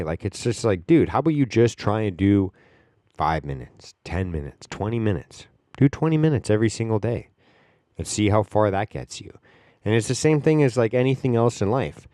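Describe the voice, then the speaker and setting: A man's voice: fairly low pitch, animated, brisk, dark tone, no room sound, clean studio sound. A man hosting a podcast, talking in a rambling casual monologue with lots of fillers and the odd swear word. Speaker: podcast host.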